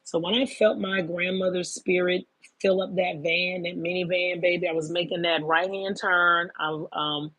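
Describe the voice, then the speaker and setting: Woman in her fifties, husky low voice, swears a lot and keeps saying baby, dry sound. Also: fairly even intonation, normal speed, fairly bright tone, no room sound. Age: 50s. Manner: profane, emphatic, calls listeners baby. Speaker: spiritual talk host. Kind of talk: casual spiritual monologue.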